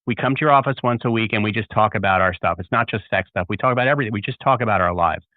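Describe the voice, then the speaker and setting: A man hosting a talk show chats in an easygoing way, his voice on the low side. His sound is thin and phone-like. It is also dry, with no room echo. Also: very fast. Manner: easygoing, reacts with short interjections. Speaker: podcast host. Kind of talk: casual interview chat.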